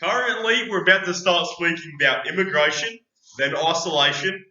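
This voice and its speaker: A man's voice: high voice, normal speed, bright, forceful tone, reverberant, lo-fi sound. A man co-hosting a comedic podcast, argumentative and rambling. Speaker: podcast co-host.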